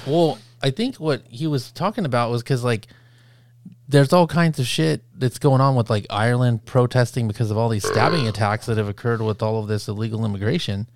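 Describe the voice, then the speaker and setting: A man's voice: mid-range voice, fairly quick, no room sound. A man co-hosting a podcast in casual chat, rambling with lots of fillers and swearing. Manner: rambling, filler-heavy, profane. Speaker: podcast co-host.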